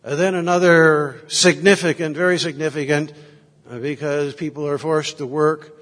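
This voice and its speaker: A man's voice: a little high, steady tone, moderate pace, fairly bright tone, in a large hall. A man, a Catholic priest, giving a sermon, reflective in manner and telling stories from his ministry. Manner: reflective storytelling, moving in and out of quoted voices. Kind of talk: sermon with anecdotes.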